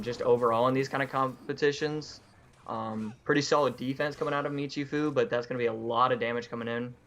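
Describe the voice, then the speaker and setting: A man's voice: medium pitch, a bit bright. A man co-casting a live esports match, analysing plays loosely with many fillers and restarts. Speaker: esports co-caster.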